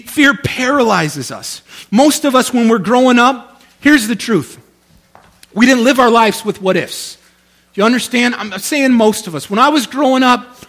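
A male pastor with a voice that sits high preaches in an animated, conversational way. He often checks in with his listeners.

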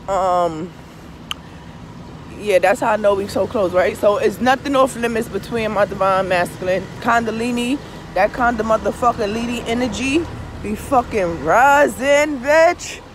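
A tarot reader and vlogger with a mid-range voice talks at a measured pace, pouring out a casual, confessional monologue full of swearing and emphatic repeats. Faint traffic hums behind the outdoor recording as she keeps seeking agreement with "you understand?"

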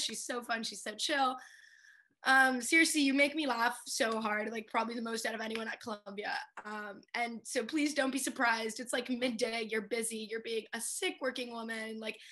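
A young woman in her twenties delivers a heartfelt tribute, her voice high-pitched and bright. She is crying, and her speech keeps breaking into laughter and filler words as she tries to hold it together. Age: 20s. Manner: tearful, laughing through words, many "like" fillers. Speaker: a cappella group member giving a senior tribute.

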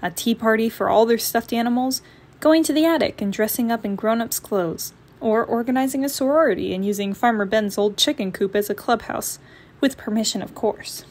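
A woman storyteller reading a children's picture book aloud, clear and expressive. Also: on the high side, brisk.

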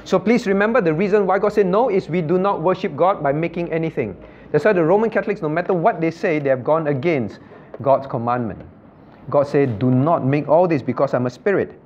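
A man's voice: fairly quick, darkish tone. A male pastor, teaching an interactive Bible class, repeating points and asking his listeners questions. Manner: repetitive, asks the class questions, loose non-native grammar. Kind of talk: interactive Bible study lecture. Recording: dull low-fidelity room recording with faint background noise.

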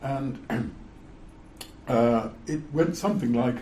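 An older man spins wry, amused anecdotes from his working life, with a mellow, warm tone. The voice sits at an everyday pitch. The sound is roomy and echoey. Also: moderate pace, slight background noise. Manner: wry, amused, chuckles through his stories. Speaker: guest speaker, former defence lawyer. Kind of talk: anecdotal storytelling. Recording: roomy echo.

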